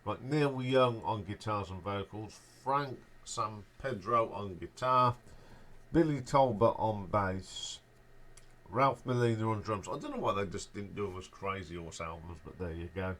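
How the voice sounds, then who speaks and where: A man casually ranking albums as a show host, speaking in a relaxed, offhand way and trailing off at the ends of his remarks. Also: fairly low pitch, a little slow. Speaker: music reviewer, show host.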